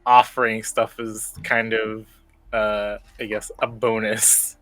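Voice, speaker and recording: A tabletop player speaking slowly and haltingly with many fillers. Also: mid-range voice, flat delivery, fairly bright tone, no room sound. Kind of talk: casual chat around a game.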